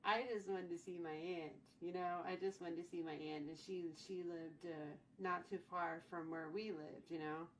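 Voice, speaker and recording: Woman in her forties, casual storytime, low voice, rambling and repetitive, distant mic. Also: steady tone, normal speed, hardly any pauses. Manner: rambling, repeats and restarts phrases. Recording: distant mic, faint background noise.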